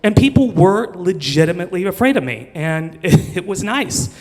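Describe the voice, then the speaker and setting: A man's voice: sits high, very animated, normal speed. A man in his forties from Missouri, telling a comic personal story with chatty, self-mocking asides and laughter. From Missouri, USA. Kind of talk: live comedic storytelling. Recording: long hall reverb.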